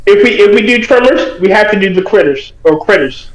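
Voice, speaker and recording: A man's voice: sits high, lively intonation, brisk, reverberant, rough recording. A man chatting casually as a guest, stumbling over his words and playful. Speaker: podcast guest. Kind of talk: casual chat.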